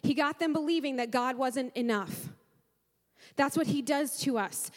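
High-voiced woman preaching with fervent emotion. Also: a little slow, big-room sound. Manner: fervent and emotional, with sighs and repeated praise. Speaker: pastor. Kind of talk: sermon. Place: church sanctuary.

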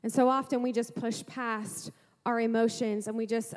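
A woman pastor preaching a sermon to a congregation, lively, asking rhetorical questions and making playful asides. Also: on the high side, moderate pace, big-room sound.

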